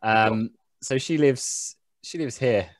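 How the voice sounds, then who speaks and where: A man's voice: mid-range voice, slow. Rambling man running a game. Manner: rambling, self-mocking, laughs at himself. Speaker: game master. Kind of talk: casual tabletop game narration.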